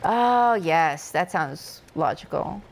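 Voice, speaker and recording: Slow-talking woman with a gravelly voice. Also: fairly low pitch, a little hiss or hum. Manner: relaxed, chimes in with short replies, reads chat. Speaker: co-host of a game stream. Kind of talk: casual gameplay livestream chat.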